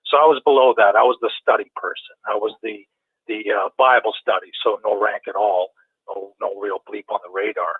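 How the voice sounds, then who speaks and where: A man's voice: lowish voice, fairly even intonation, brisk, slightly rough, dry recording. A man calling in to a talk show, chatting casually and rambling with many restarts. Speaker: caller. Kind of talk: casual call-in chat. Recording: tinny phone line.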